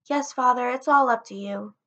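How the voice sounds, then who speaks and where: A woman's voice: on the high side, normal speed, a bit bright, muffled recording. A woman voicing a meek, mistreated young boy in a told folktale.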